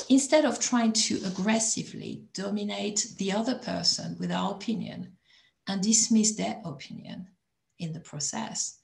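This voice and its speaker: A woman from abroad telling a personal story in a calm, measured, reflective way on a video call. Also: mid-range voice, gravelly, roomy sound. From not from England. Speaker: chat panelist.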